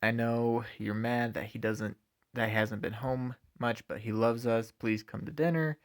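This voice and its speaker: A man's voice: medium pitch, fairly even intonation, a little slow, natural voice. A man reading a weary, dutiful housewife. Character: weary, unhappy young housewife.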